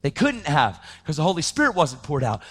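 A man giving a testimony sermon in casual slang, acting out the voices he quotes and sometimes breaking into shouts. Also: on the high side, brisk, husky. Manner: animated, acts out quoted voices, slips into shouts; casual slang, calls listeners dude. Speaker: preacher giving his testimony.

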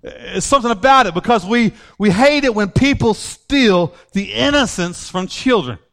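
A middle-aged male pastor preaching a sermon, swinging from loud outbursts to low quiet asides. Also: expressive, moderate pace.

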